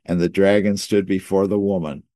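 Low-voiced man teaching scripture. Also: steady tone, warm tone, dry recording, studio quality. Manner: repeats words while thinking, slows for key phrases. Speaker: preacher. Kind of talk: sermon-style Bible teaching.

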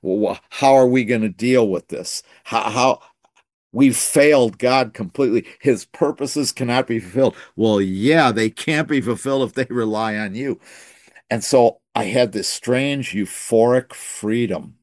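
A middle-aged man, a minister, telling a personal testimony in a rambling, halting way with many restarts, dropping softly when he quotes himself. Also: dry recording, studio quality. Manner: drops to a soft low voice when quoting himself and God.

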